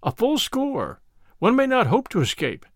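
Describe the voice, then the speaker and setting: A man's voice: huge pitch swings, measured pace, no room sound, clean studio sound, heavily acted. A man voicing a timid, frightened young page boy who speaks in old-fashioned, trembling phrases. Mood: alarmed. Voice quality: higher, trembling, archaic speech.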